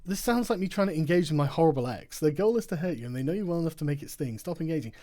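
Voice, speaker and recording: A tired late-night streamer rattles through super chats rapid-fire in a fairly high, mellow, animated voice. He reads the messages casually, laughing often and cursing in a mocking tone.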